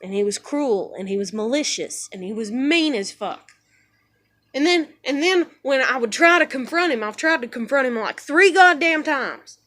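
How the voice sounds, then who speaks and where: A woman's voice: high voice, lively intonation, moderate pace, a bit bright. A woman in her thirties venting in a rambling, profane, frustrated monologue. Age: 30s. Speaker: vlogger.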